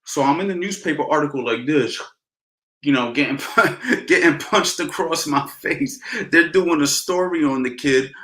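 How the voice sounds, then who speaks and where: A middle-aged man, a boxing coach, telling stories in a casual Q&A, animated and slangy, repeating phrases for emphasis. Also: fairly high pitch, moderate pace. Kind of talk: casual Q&A storytelling. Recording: roomy echo.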